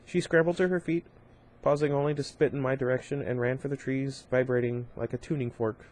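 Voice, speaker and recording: A man reads from a novel a little fast, in a mid-pitched, slightly mellow voice with fairly even intonation. His informal, unpolished delivery includes the odd tripped word, a correction, and a few brief asides.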